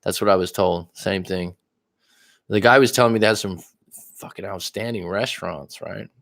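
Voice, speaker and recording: A man with a low, gravelly voice talks loosely to his livestream viewers. He rambles from one topic to the next in a chatty way and swears casually. He comes across as a relaxed coach sitting at his webcam. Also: normal speed. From California. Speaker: life coach livestream host.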